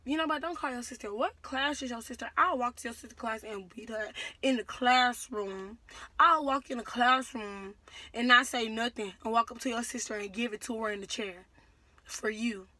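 A young woman telling a story on her vlog, slangy and rambling, getting loud and heated as she goes. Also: fairly high pitch, no echo. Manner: animated and loud, builds to shouting in quoted exchanges. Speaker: vlogger.

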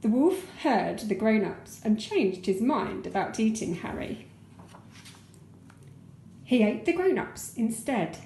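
A woman teacher reading a storybook aloud for children in a gentle, expressive voice. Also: medium pitch, measured pace, vocal fry, few pauses, reverberant, slight background noise, poor audio.

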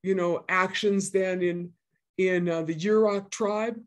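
A woman's voice: mid-range voice, fairly even intonation, takes it slowly. Emphatic woman in her sixties. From northern Minnesota. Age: 60s. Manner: earnest, emphatic, repeats key points; frequent fillers and restarts. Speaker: guest speaker.

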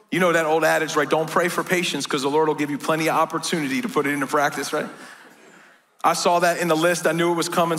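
A man's voice: fairly high pitch, fairly bright tone. A middle-aged American man, a pastor, preaching a sermon in a church in a casual, joking way and often asking "right?".

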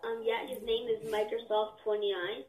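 A woman talking in online game chat, hesitant and deadpan, with frequent ums. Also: fairly high pitch, normal speed, echoey room, low-quality recording.

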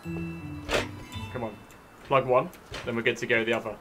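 Swearing British lad narrating a game. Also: male voice, medium pitch, measured pace, music in the background. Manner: jumpy, swears a lot, shifts from hushed to shouting. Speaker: gaming YouTuber. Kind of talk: live gameplay commentary.

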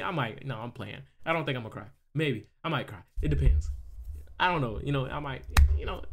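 A man's voice: mid-range voice, brisk. A young man talking casually over his gameplay as a YouTuber, repeating phrases and asking 'you feel me' often. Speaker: gaming YouTuber. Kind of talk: casual let's-play commentary.

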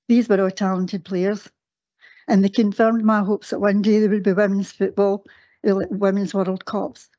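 A woman's voice: mid-range voice, dark tone. An older Scottish woman gives a chatty speech of personal memories at a council meeting, laughing at her own stories and correcting herself as she goes. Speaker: guest speaker at a council meeting. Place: council chamber. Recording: dull lo-fi meeting recording.

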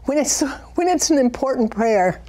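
A middle-aged woman giving an impassioned Christian testimony and prayer, fervent and pleading, her voice climbing high when she cries out. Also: lively intonation, moderate pace, dark tone. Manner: fervent, pleading, rises high on cried-out lines. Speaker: Christian speaker sharing a vision.

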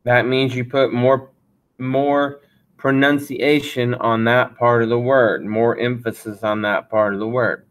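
Slow, deliberate male language teacher. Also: mid-range voice, flat delivery, smooth. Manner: repeats and restarts phrases. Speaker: Spanish teacher. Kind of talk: classroom lesson.

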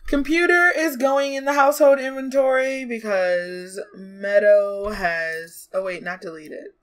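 Young woman, gaming commentary, mid-pitched, talkative, bossy toward her characters, quick to exclaim. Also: steady tone. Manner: chatty, scolds and coaxes the game characters aloud; exclamatory, quick to gasp and laugh. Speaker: gaming YouTuber. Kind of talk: let's play commentary.

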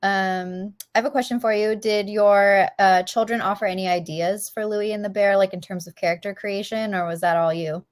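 A woman's voice: medium pitch, fairly even intonation, moderate pace, hardly any pauses. A woman moderating a bookstore Q&A, asking questions in a friendly, inquisitive way. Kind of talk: casual Q&A hosting.

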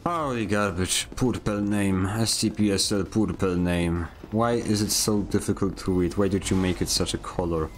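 Low-voiced man, mock-dramatic gaming rant. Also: fairly even intonation, moderate pace, hardly any pauses, a little hiss or hum. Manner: mock-dramatic complaining, playful outbursts. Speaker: game streamer. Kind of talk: casual gaming commentary.

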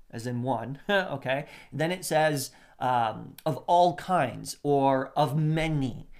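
A man preaching a sermon in a conversational way, with frequent laughs, asides and voiced-out quotes. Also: medium pitch. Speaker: pastor.

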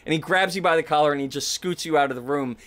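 A man narrating a tabletop game as game master, telling the story in a casual, animated way. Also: a little high, quick pace.

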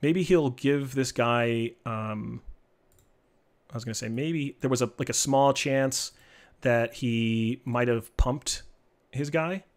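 A man casually commenting on his live-streamed card game, joking and teasing in an animated way. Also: mid-range voice, slow. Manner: animated, joking, trash-talking.

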